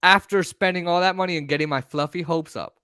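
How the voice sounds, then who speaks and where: A man co-hosting a podcast, telling stories in a casual, profane, animated way. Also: fairly high pitch, brisk, clear, resonant tone, no room sound, studio quality. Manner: animated, profane, acts out voices. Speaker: podcast co-host. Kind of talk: casual storytelling chat.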